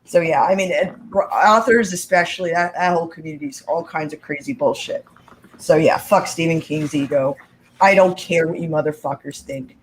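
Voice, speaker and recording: Rambling, crude co-host with faint noise. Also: medium pitch. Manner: rambling, crude, swearing often. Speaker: podcast co-host reading chat. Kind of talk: casual live chat.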